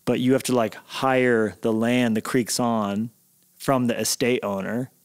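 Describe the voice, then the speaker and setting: A man's voice: medium pitch, steady tone, measured pace, clear, resonant tone. Man, podcast host, chatty, joking, asks questions, wanders into side stories. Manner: curious, joking interviewer who riffs on tangents. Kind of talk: casual podcast conversation.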